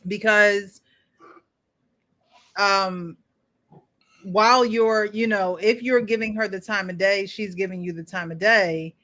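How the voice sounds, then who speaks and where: A woman hosting a casual group chat, animated and teasing. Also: mid-range voice, slow pace, pauses often. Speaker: host.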